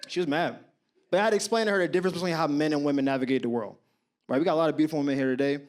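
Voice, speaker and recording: A man in his thirties works a comedy club stage with a handheld mic. His voice sits high for a man and stays animated and slangy. He often laughs through his own punchlines. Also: very fast. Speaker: stand-up comedian. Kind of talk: stand-up comedy storytelling.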